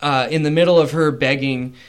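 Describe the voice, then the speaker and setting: A man's voice: fairly high pitch, fairly even intonation, fairly quick, clean tone. A man narrating a tabletop game as game master, casual, with many fillers. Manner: casual, with fillers and voiced characters.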